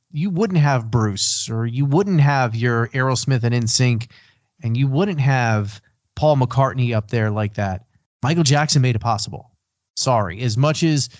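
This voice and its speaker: Here a man's medium-pitched voice comes through dry and studio-quality, though he's on a remote call using his own mic. As co-host of a music podcast, he's argumentative and firm, assembling a case for his picks in a casual back-and-forth.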